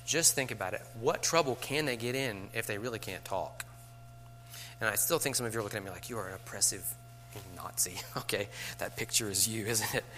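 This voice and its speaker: Bright-voiced male teacher giving a talk. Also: on the low side, a little fast, slight background noise. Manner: conversational, chuckles, rhetorical asides.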